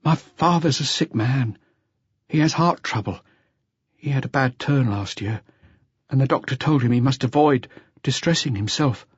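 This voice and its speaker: A terrified teenage boy who begs and cries out in strained high tones. The plea swings wildly up and down, full of panic. It sounds slightly dull and lo-fi, close and dry. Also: sing-song, a little slow, slightly rough, no echo, exaggerated voice. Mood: broken begging. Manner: high-pitched, desperate, pleading cries. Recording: slightly dull lo-fi audiobook recording.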